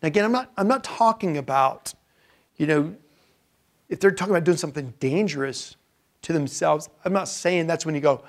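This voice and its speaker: A man leads a parenting seminar in a loose, conversational way. He keeps asking the room questions and checking that they follow. His voice sits a little above the usual male pitch. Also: a little fast, gravelly. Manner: conversational, often checks in with "okay?" and asks the audience questions. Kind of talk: live talk to an audience.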